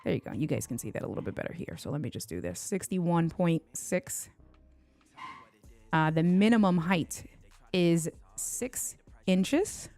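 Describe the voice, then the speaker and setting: A woman's voice: fairly low pitch, animated, a little slow, darkish tone. A woman from Puerto Rico hosting a casual livestream unboxing at home, chatting and bantering with viewers in the chat. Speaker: tech livestream host.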